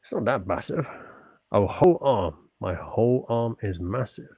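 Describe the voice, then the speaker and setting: A man's voice: lowish voice, animated, normal speed, gravelly, mellow, breathy edge, no room sound. Polite, earnest man streaming live. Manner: polite and earnest, often thankful; talks while stretching and working out. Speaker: livestreamer. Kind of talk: casual livestream chat answering viewers.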